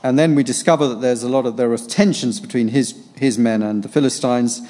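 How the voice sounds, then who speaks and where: A man's voice: mid-range voice, fairly even intonation, warm tone. A man reading a Bible passage aloud and musing on it as he prepares a sermon, stopping to think between verses with hesitant fillers. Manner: reads scripture aloud, then muses on it with pauses and fillers. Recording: long hall reverb.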